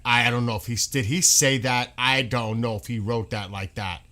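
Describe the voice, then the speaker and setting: A man's voice: mid-range voice, fairly even intonation, moderate pace, bright, forceful tone. A man reacting to news on a live stream, exclaiming in disbelief and swearing now and then.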